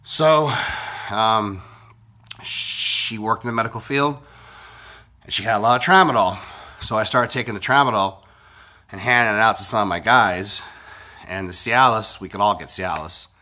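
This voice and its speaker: A man's voice: fairly low pitch, moderate pace, pauses often, sharp tone. A man who sounds sick, telling a crude, rambling, profanity-heavy story in a blunt casual vlog style. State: sick, congested voice. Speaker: vlogger.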